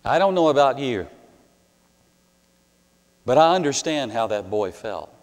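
A man's voice: mid-range voice, sing-song. Earnest man preaching in a reverberant hall. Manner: earnest, dramatic pauses, swells louder on scripture. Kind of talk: sermon with personal story.

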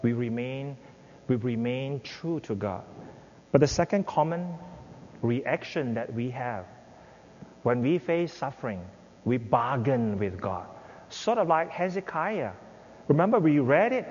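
A man's voice: animated, a little slow, pauses often, darkish tone. An older man preaching a sermon as pastor, acting out pleading prayers in an impassioned voice. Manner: impassioned, acts out prayers with rising pitch. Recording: dull reverberant hall with faint noise.

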